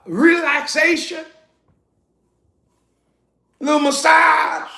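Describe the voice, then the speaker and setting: A man preaching a sermon in a loud, emphatic, laughing way, with slangy street talk, in an echoey room. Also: extremely high pitch, steady tone, slow pace, creaky.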